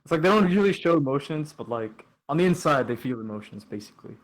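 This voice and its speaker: A young man hosting a casual chat podcast, relaxed and playful, often pausing with "uh" and "like". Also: medium pitch, rough recording. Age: young adult. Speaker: podcast host.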